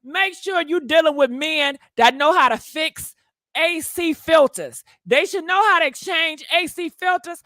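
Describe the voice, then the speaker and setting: This gossip show host's voice sits high with a fairly bright tone, captured in a dry, studio-quality recording. On her casual livestream she talks directly to viewers with plenty of sass, addressing them as honey.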